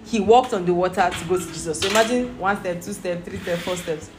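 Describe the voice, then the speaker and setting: A woman's voice: lowish voice, fairly quick, over loud music. A woman teaching a Bible study, reading scripture aloud and explaining it patiently, asking her listeners questions.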